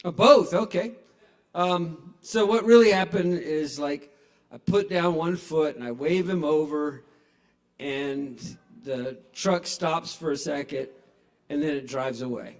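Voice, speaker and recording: A man works a small bar crowd through a stage microphone, playful and self-mocking. His voice sits high for a man. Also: takes it slowly. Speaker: stand-up comedian. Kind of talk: stand-up comedy set. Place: small bar at a live open mic. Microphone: handheld stage microphone.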